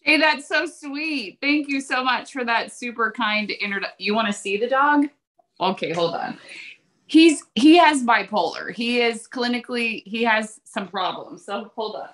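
Female guest trainer, high and bright, chatty and playful. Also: measured pace. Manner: bubbly, animated, chatty. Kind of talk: casual chat.

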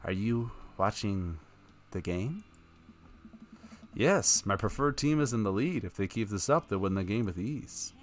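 A man's voice: on the low side, lively intonation, measured pace. A man streaming live, reading a text adventure aloud in a casual tone with wry asides.

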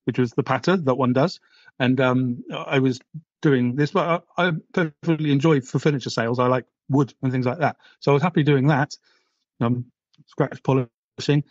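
A man's voice: medium pitch, fairly even intonation, moderate pace, no room sound. A man with a stutter, telling a candid personal story as a podcast guest in a wry, easygoing way. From Britain. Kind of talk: casual conversation. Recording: dry, slightly dull audio.

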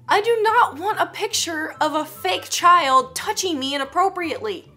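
High, bright giggly woman vlogger. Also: very animated, moderate pace, soft background music. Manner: giggly, joking, teasing asides. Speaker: YouTube reaction host. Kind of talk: casual reaction commentary.

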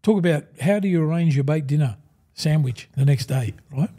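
An Australian man in his sixties spins yarns in a relaxed interview, his tone dark and mellow yet pitched a little high. He leans into quoted dialogue, calling everyone "mate". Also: fairly quick. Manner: animated yarn-spinner, acts out quoted dialogue, says "mate" constantly. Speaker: guest, former rugby league player and broadcaster. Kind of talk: casual interview storytelling.

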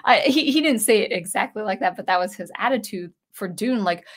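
A woman's voice: mid-range voice, fairly quick, few pauses. A woman composer hosting a video, ranting casually and rambling as she thinks aloud. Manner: rambling, self-interrupting, animated. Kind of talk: casual rant vlog.

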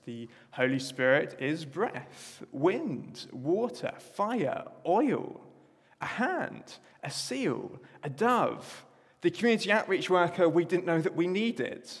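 A man's voice: sits high, very animated, measured pace, husky. A man preaching a sermon in a church, chatty with self-deprecating asides. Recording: echoey church hall.

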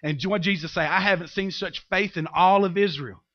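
Animated high-voiced preacher man. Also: normal speed, highs cut off. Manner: animated storytelling, acting out biblical characters with humor. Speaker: pastor. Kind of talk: sermon.

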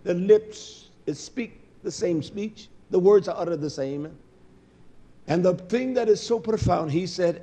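A male preacher giving a sermon, impassioned, swinging between loud declaiming and low muttering. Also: measured pace.

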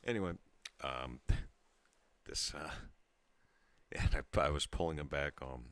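A man's voice: very deep voice, a little slow, a bit bright, clean tone, dry recording. A tipsy man in his thirties telling a rambling story to his channel, laughing and breaking off mid-sentence. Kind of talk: casual storytelling monologue.

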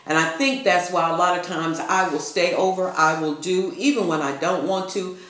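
Animated woman vlogging about faith. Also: fairly low pitch, moderate pace. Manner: animated, preachy, addresses viewers as y'all. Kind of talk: casual storytelling and faith talk. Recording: echoey room.

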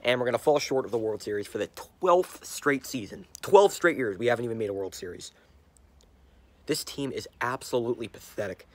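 A man's voice: mid-range voice, animated, fairly quick. Young guy raging at his team on a handheld cam, keeps repeating himself, trips over words. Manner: furious, repetitive, stumbling over words. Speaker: sports fan vlogger. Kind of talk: angry fan rant to camera. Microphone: handheld camera.

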